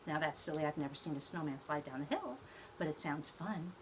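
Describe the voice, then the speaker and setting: A woman teacher reading a storybook aloud to young children, gently chatty and asking them questions as she goes. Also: sits low, expressive, a little fast, noisy background.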